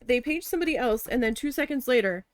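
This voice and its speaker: A woman chats while she crafts, telling a story in an exasperated, chatty way with the odd swear word. Her voice sits fairly high, and the sound is dry and close with little room. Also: expressive, quick pace, no echo. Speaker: craft vlogger.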